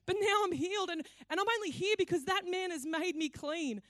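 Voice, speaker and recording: An earnest, self-righteous man argues with himself in a high, lifted voice, as a woman preacher puts him on. He wavers between worry and judgment. The sound is dry and close. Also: fairly quick, a bit bright, no echo. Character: self-righteous healed man, anxious then judging.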